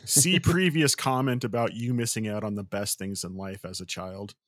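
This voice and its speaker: A man's voice: lowish voice, steady tone, moderate pace, no room sound. A man on a casual podcast, teasing and ribbing his co-hosts with dry jokes. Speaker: podcast co-host.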